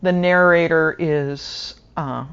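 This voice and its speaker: A woman from Southern Arkansas talking casually about books she has read, wandering a little and pausing with fillers to recall details. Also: low voice, steady tone, clean tone, muffled recording. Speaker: book reviewer. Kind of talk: casual book review monologue.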